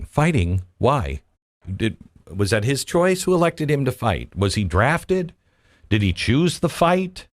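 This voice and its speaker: A man's voice: medium pitch, big pitch swings, unhurried, dry recording, studio quality. A man hosting a political opinion show, delivering a monologue full of rhetorical questions and folksy asides. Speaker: political commentary host.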